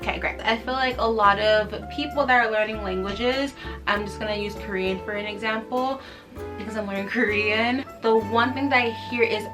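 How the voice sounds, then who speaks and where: A woman's voice: fairly high pitch, a little fast, over music. A woman in her twenties with a Californian accent, chatting casually to camera about learning a language, giggly and self-mocking. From United States. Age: 20s.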